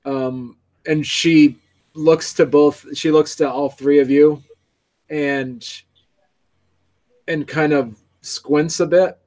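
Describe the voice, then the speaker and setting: Slow, halting game master man. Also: fairly high pitch, fairly even intonation, darkish tone. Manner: halting, full of fillers and restarts. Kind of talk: narrating a tabletop game.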